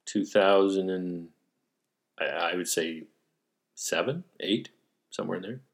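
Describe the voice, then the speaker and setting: A low-pitched man chats easily with an old friend, trailing off and restarting as he recalls past days. His storytelling is loose and unhurried, full of "uh" and "you know". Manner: rambling reminiscing, frequent restarts and fillers. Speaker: interviewer. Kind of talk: casual conversation.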